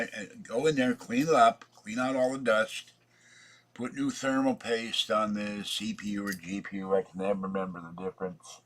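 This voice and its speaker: A man talks on through a casual home vlog in a lowish, husky voice. He is chatty and meandering, muttering to himself as he works at his computer. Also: a bit bright. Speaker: vlogger.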